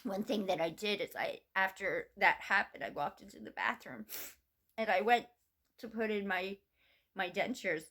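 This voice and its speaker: A middle-aged woman speaking at a middle pitch, recounting events in a casual home vlog. She talks in a halting, rambling way, doubling back on her words and trailing into fillers. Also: pushed and bright. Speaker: vlogger. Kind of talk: casual personal storytelling.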